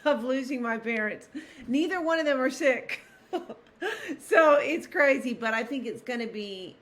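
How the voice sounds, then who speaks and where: A middle-aged woman hosting a casual devotional talk, earnest and reflective, rambling a little and laughing softly as she encourages her listeners. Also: medium pitch, slight background noise. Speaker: host.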